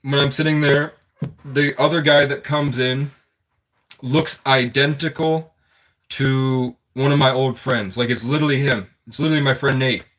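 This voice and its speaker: A man at a middle pitch tells his story in a rambling, intense flow. His tone is conspiratorial, and he strings clause after clause with fillers. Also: fairly even intonation, normal speed, a bit bright. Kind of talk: casual personal storytelling monologue.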